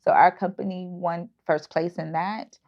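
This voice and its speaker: A woman's voice: on the low side, fairly even intonation, measured pace. A woman, a startup founder speaking earnestly in an interview, with many fillers and restarts. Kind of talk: casual interview talk. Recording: dull lo-fi audio.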